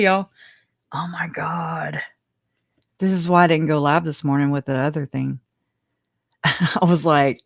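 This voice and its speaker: A woman's voice: sits low, dry recording. Chatty Louisiana woman, dry sound. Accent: Louisiana country. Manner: rambling, chatty, laughs often. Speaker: live stream host. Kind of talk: casual live commentary. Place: home room.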